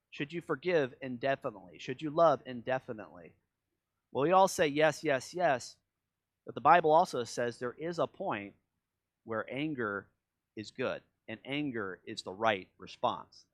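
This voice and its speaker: Man, pastor, from Kansas, sermon, mid-pitched voice, dry close sound, loud emphatic peaks, quiet asides. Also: no room sound. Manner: conversational preaching with sudden loud, high emphasis and low asides.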